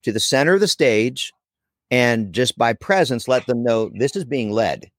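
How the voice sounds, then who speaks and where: A man's voice: mid-range voice, lively intonation, normal speed, a bit bright, dry recording. A man speaking as a guest on a casual podcast, rambling and correcting himself with dry jokes. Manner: rambling, self-correcting, joking.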